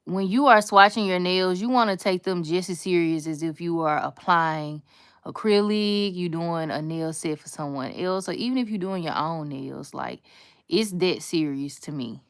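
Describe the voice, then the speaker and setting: A woman's voice: on the low side, normal speed, clear, resonant tone. A woman, chatting casually to viewers as she does a nail tutorial. She talks in a sassy, slangy way. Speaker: nail content creator.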